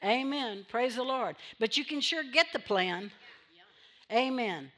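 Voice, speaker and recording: A woman's voice: a little high, animated, slow, a bit bright. A woman pastor preaching a sermon in church, repeating phrases for emphasis and drawing amens from the congregation.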